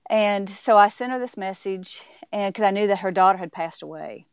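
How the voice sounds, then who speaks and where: Woman guest, smooth resonant voice, dry close sound, halting storytelling, fillers and restarts. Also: medium pitch, no echo. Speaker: author and speaker, guest. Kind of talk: casual interview storytelling.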